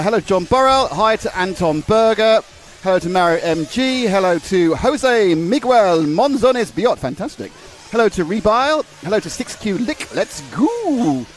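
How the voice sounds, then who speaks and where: Man, high voice, very lively pitch, excitable, live stream race commentator. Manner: excitable, bubbly, reads out viewer names.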